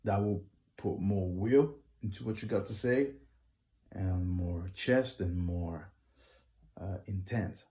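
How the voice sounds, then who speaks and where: A man's voice: low-pitched, slow, warm tone. A man who is a singer, giving vocal tips to viewers in a casual tutorial vlog and explaining step by step in short numbered lists.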